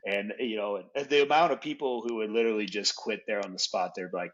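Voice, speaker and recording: A man's voice: fairly low pitch, fast talker, a bit bright. A male podcast guest telling laid-back stories in casual conversation. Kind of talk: casual storytelling. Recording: dull, muffled mic.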